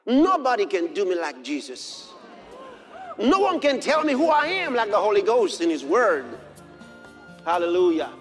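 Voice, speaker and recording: A man preaching a sermon. He moves from quiet storytelling to shouted exhortation and quotes scripture in old-fashioned wording. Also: high voice.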